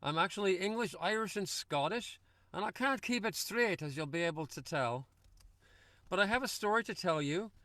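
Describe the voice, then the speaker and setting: A man from Western Massachusetts spins a folksy spoken word tale in a lilting, chuckling way. His voice sits a little high and sounds bright and forward. It is recorded in a dry car interior. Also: no room sound. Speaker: singer-songwriter. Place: inside a car. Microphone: computer or phone mic for an online meeting.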